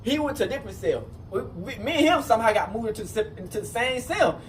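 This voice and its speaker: A man casually telling a rambling, profane story, full of fillers and restarts. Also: fast talker. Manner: rambling, animated, profane, repeats "you know what I'm saying". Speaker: storyteller recounting a jail fight. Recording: distant mic with faint rumble.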